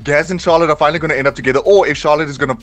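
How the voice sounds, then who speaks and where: A man's voice: on the high side, racing, fairly bright tone. A man in a listener voice message, speaking passionately and with exasperation.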